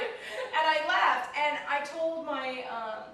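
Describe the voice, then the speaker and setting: A woman in her thirties, a comedian, telling a story in a casual interview, animated and self-mocking, often laughing as she talks. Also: sits high, slow pace, a little hiss or hum. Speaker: comedian guest. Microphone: handheld flip video camera. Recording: echoey room from a distant camera mic.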